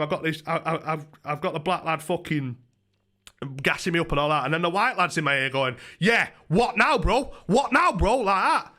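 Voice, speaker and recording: A young man tells a story on his livestream, swearing freely and tripping over restarts. His voice sits a little high, bright and forceful. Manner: profane, excitable, rambling with many restarts. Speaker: YouTuber streamer.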